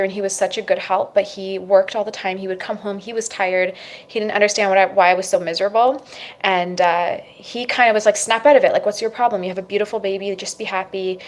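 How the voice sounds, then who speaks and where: A young woman, a mother, candidly telling her personal story to camera, with frequent fillers. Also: lowish voice. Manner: candid, emotional at times, many fillers like "like".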